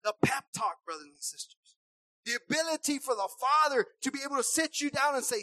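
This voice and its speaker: A woman preacher delivering a passionate sermon, repeating herself and swinging from soft asides to shouts. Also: high-pitched, lively intonation, a little fast, no room sound, low-quality recording.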